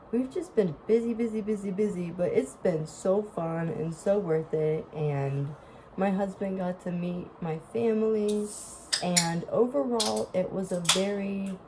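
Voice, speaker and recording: A woman's voice: fairly low pitch, warm tone, slight background noise, low-quality recording. A woman vlogger with a stuffed-up nose, chatting casually to her camera, apologetic and laughing often. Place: vacation lodging.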